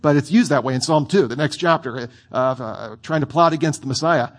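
A man's voice: a little high, brisk. A man preaching a sermon in a conversational, playful way, with asides to his listeners.

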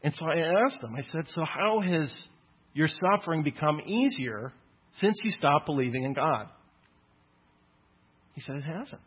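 A man in his thirties giving a Christian apologetics talk to an audience, lively and acting out the voices he quotes. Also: on the high side, unhurried, long pauses, husky. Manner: animated, acts out quoted voices. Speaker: Christian speaker. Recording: dull lo-fi sound.

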